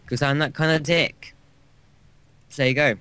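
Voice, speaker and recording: A man's voice: on the high side, steady tone, moderate pace, sharp tone, clean tone. A man co-hosting a game playthrough, telling a long, crude anecdote in a rambling, casual way. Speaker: gaming co-host. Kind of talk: casual gameplay chat.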